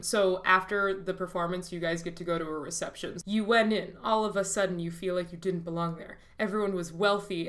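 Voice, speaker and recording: A woman's voice: fairly low pitch, a bit bright. A woman hosting a comedic reading of fanfiction aloud, voicing lines theatrically and cutting in with wry asides and bursts of laughter.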